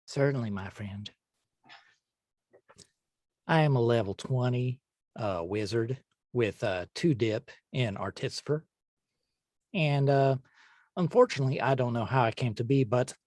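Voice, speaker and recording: A man's voice: medium pitch, measured pace, long pauses, darkish tone, no echo, clean studio sound, natural voice. A man voicing an awakened two-foot ventriloquist dummy with a Southern accent, genial and drawling.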